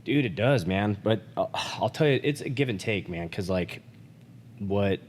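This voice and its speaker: A man's voice: lowish voice, expressive, unhurried, big-room sound, slight background noise. A man co-hosting a podcast, talking candidly and emotionally with lots of "like" fillers and swearing. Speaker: podcast co-host.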